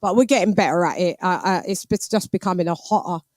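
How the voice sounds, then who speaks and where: A woman from London with a London accent, hosting a casual interview, chatty, agreeable and quick-spoken. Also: fairly low pitch, darkish tone, dry recording. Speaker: host.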